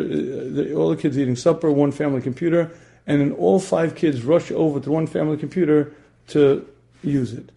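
Creaky-voiced man teaching a class. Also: fairly high pitch, dark tone. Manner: clears throat often, questions the class. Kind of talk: religious class lecture.

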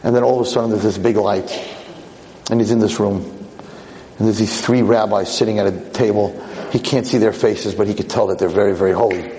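Guy telling a story in a sermon, talks super fast, repeats himself, long hall echo. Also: lowish voice, slight background noise. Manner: animated, repetitive. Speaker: lecturer.

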